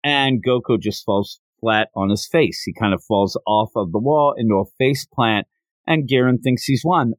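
A man's voice: medium pitch, moderate pace, no echo. A man hosting a podcast, casually retelling a manga chapter in a chatty storytelling way, acting out quotes. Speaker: podcast host.

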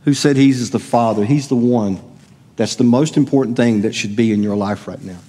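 A man's voice: mid-range voice, moderate pace, warm tone, slightly rough. A middle-aged man preaching a sermon as pastor, conversational and asking the congregation questions. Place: church sanctuary. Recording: long hall reverb.

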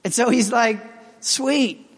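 A man preaching a sermon in a casual, animated storytelling manner, acting out his characters' lines, with lots of fillers and restarts. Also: high-pitched, moderate pace, in a large hall.

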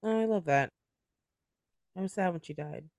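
Man, higher voice, dry close sound, casual book podcast chat, laughs a lot, says "like" often. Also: normal speed, darkish tone, no echo. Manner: chatty, laughs often, fills with "like". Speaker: book club podcast host.

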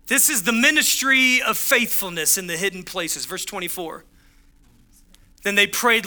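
Emphatic high-voiced man preaching. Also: moderate pace, pushed and bright. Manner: emphatic preacher, punchy repeated phrases, acts out quoted voices. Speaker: pastor. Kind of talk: sermon.

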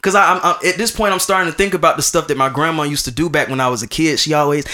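A young man hosting a podcast, telling a personal story in casual chat, animated and acting out the voices of people he quotes. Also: fairly high pitch, fast, hardly any pauses. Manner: animated, acts out quoted voices, many restarts. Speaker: podcast host.

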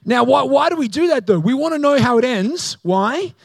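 A man, a pastor, preaching a sermon as a storyteller who acts out the people in the story and grows loud and excited. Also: very high voice, moderate pace, gravelly, no room sound.

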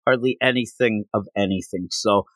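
A man co-hosting a podcast, reviewing comic books in casual chat and acting out characters' lines in quick voices. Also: lowish voice, fairly bright tone, no room sound. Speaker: podcast co-host.

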